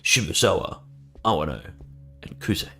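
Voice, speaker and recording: A man's voice: low voice, very animated, moderate pace, creaky, sharp tone, faint music behind. A man giving casual gameplay commentary as a streamer, chatting in a rambling, casually profane way.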